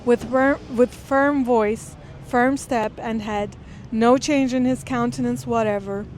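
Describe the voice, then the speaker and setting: A woman reading a classic text aloud and pausing to explain it. She speaks in an earnest, thoughtful way. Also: a little high, steady tone, darkish tone, slight background noise. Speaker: literature lecturer. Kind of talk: reading aloud with close-reading commentary.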